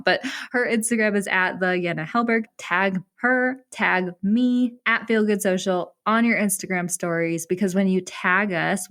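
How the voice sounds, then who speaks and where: Bubbly woman hosting a podcast. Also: fairly low pitch. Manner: bubbly and chatty, with frequent laughs and "like" fillers. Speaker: podcast host. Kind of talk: upbeat podcast intro.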